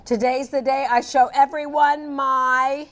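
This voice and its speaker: A woman's voice: high voice, level tone, measured pace, a bit bright, voice pushed up. A woman voicing a cheeky French male hedgehog from a picture book, with a put-on French accent and a playful, theatrical read-aloud manner.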